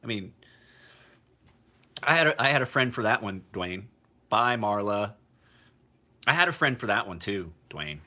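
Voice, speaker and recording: Forty-something knife guy rambling on a livestream, cussing a lot, bright voice that jumps all over. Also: fairly low pitch, lively intonation, measured pace, long pauses. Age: 40s. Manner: rambling and profane, with frequent restarts. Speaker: knife maker. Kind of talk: casual livestream chat.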